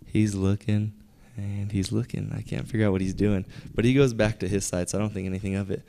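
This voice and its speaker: A young man recounts a personal story to a live theater audience. His voice sits a little low and sounds mellow. He talks conversationally, pausing before his punchlines. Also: flat delivery, vocal fry. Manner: conversational, building to punchlines with pauses. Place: theater stage.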